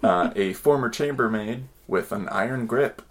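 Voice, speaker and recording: A man hosting a podcast who talks in a quick, rambling way. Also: fairly low pitch. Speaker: podcast host. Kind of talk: casual podcast chat.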